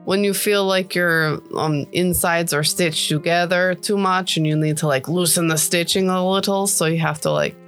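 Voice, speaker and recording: Woman player speaking in character, halting. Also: fairly low pitch, fairly even intonation, soft background music. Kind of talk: in-character tabletop role-play.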